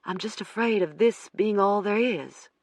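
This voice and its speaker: A woman's voice: medium pitch, a little slow, dry recording, pitched above the performer's own voice. An audiobook reader voicing a young female colleague who speaks adamantly and earnestly. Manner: adamant, searching.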